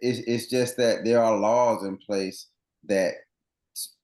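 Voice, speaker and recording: A man's voice: lowish voice, steady tone, slow, darkish tone, roomy sound. A man running coach, interviewed as a guest on a podcast, explaining things earnestly at length with many restarts.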